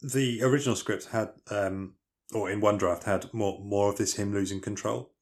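Podcast co-host, male, very low voice, rambling and detailed scene recaps. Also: steady tone, moderate pace. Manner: retells film scenes in detail with many fillers and restarts. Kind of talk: casual film discussion podcast.

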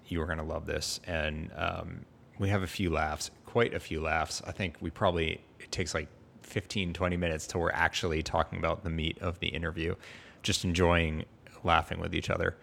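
A man's voice: sits low, flat delivery, brisk, gravelly, fairly bright tone, a little hiss or hum. A man hosting a podcast, chatting casually with an enthusiastic and playful manner. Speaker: podcast host. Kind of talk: casual interview chat.

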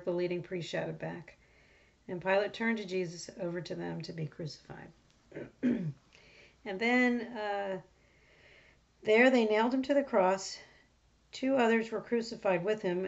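A woman with a medium-pitched, gravelly voice leads a Bible study, talking through a passage in a casual, rambling way full of fillers and restarts. The recording is dull and lo-fi.

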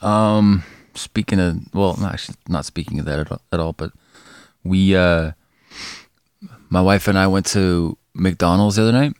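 Low-ish laid-back dude rambling thru a story on a podcast, laughs a lot, swears, dry close sound. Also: male voice, moderate pace, darkish tone, clean tone, no room sound. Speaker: podcast co-host. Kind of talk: casual chat, storytelling.

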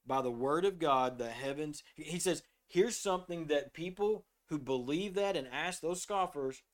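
A middle-aged man talks about faith in an earnest, storytelling manner, his voice sitting a little above the usual male pitch. He now and then reads scripture aloud in the same conversational way. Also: moderate pace. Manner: earnest, storytelling, drops to a soft voice when quoting himself. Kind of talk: faith discussion, reading scripture.

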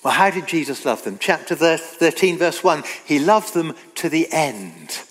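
Animated male preacher in a reverberant hall. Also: a little high. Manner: earnest, emphatic, reads scripture aloud slowly. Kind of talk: sermon.

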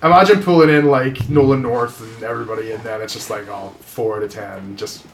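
A man talks in loose, casual podcast chat. He jokes and swears freely at a middling pitch. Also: fairly quick. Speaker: podcast co-host.

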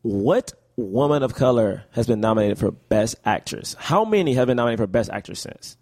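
Animated man co-hosting a chat. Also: medium pitch, moderate pace. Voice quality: lively, laughs easily, restarts a lot. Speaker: podcast co-host. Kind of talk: casual chat. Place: recording at a festival in Austin.

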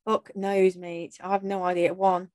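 A woman's voice: mid-range voice, level tone, normal speed, darkish tone, no room sound. A woman co-hosting a casual gaming podcast, laughing often and swearing casually. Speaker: podcast co-host. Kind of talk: casual chat, gaming quiz.

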